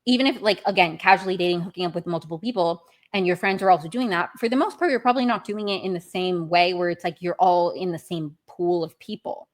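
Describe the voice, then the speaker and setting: A woman's voice: lowish voice, fast talker, few pauses. A young woman hosting a podcast, recapping a reality show in a rambling, self-correcting way, with exasperated outbursts. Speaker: podcast host.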